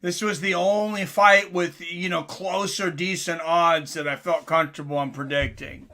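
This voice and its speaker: A man doing casual live commentary on a fight for his stream chat, getting louder and more excited at big moments. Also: fairly high pitch, moderate pace.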